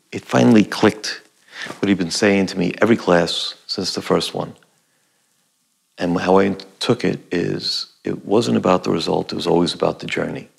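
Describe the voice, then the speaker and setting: A man's voice: low voice, creaky, husky. A middle-aged man, an acting teacher, telling a personal story in a conversational way and acting out his own past lines. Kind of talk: personal anecdote told to camera.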